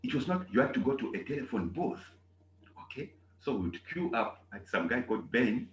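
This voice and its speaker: A man from Zambia, teaching a German class in an animated way and repeating key phrases. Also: mid-range voice, fairly quick. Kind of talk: online class lecture. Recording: echoey room with faint noise.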